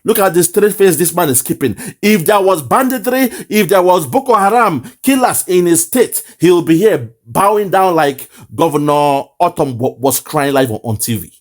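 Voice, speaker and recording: Impassioned Nigerian man, lively voice. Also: high voice, moderate pace, few pauses. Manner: lamenting, repetitive, emphatic. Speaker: online commentator. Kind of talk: impassioned political commentary.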